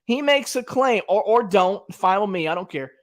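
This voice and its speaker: A man with a high, animated voice hosts his own livestream at a moderate pace. Speaking straight to his chat, he casually trash-talks a rival in colloquial slang.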